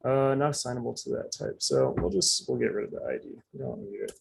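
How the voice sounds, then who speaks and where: A man's voice: mid-range voice, very animated, fast talker, creaky, slight background noise, rough recording. A man giving a casual live coding demonstration, chatty and loose, full of fillers and asides. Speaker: presenter.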